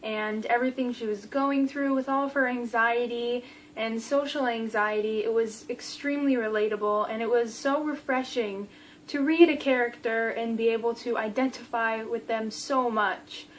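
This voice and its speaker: A young adult woman giving a casual book review vlog, gushing and animated, acting out the characters' lines. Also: fairly high pitch, moderate pace, slight background noise, poor audio.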